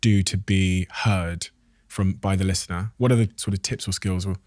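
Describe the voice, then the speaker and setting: A man's voice: deep voice, fairly even intonation, moderate pace, darkish tone, dry recording, clean studio sound. A man hosting a podcast, asking casual, curious questions of his guest. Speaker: podcast host. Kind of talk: interview questions. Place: podcast studio.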